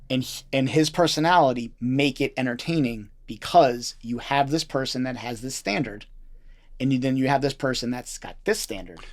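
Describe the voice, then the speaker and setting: A man's voice: medium pitch, fairly bright tone. A man who is a chef and restaurant owner, talking bluntly and with animation as a guest in a casual interview, swearing freely.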